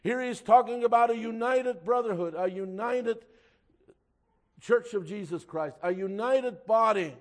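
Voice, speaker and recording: In a high-pitched voice, a man delivers a sermon to his church, stressing key words by rising loud and slow. He lowers to a quiet voice for scripture readings in archaic wording.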